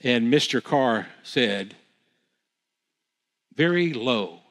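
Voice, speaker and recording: A man's voice: fairly high pitch, animated, measured pace, fairly bright tone. A man preaching a sermon as pastor, earnest, repeating phrases for emphasis with frequent restarts. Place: church sanctuary. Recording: long reverb of a church hall.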